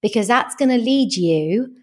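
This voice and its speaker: A woman with a slightly high voice speaks unhurriedly during a casual podcast interview. She works as a dating and relationships coach and tells her stories with animation, voicing the characters and their quoted dialogue.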